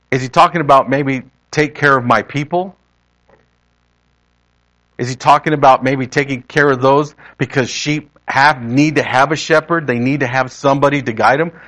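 A man's voice: mid-range voice, a bit bright, poor audio. A man preaching a sermon in a conversational way, often rephrasing as he goes.

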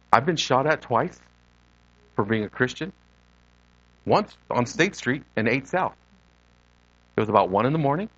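This middle-aged lay preacher and missionary has a mid-range voice, recorded dull and without echo. His unscripted sermon is earnest and full of personal stories, and he animates the voices of the people he quotes.

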